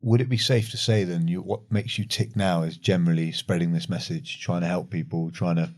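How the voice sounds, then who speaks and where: A man hosting a podcast, asking questions in a relaxed, conversational way. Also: low voice, brisk. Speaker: podcast host. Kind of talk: interview conversation.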